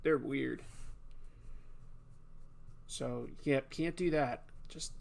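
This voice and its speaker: Gravelly chatty man streaming live. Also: mid-range voice, drawn-out words, darkish tone. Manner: chatty, self-deprecating, laughs often. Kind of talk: casual live stream chat.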